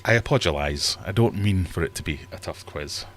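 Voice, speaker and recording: Deep guy rambling away on his livestream, self-deprecating and casual. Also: lively intonation, fairly quick. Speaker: livestream host. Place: home fish room.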